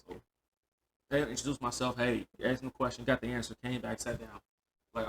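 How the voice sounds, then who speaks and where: A man in easygoing conversation who slips into other voices as he tells a story. His pitch sits in the middle, and a faint hiss of noise runs under the recording. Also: brisk. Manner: animated storyteller who acts out quoted dialogue. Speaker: podcast co-host. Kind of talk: casual chat.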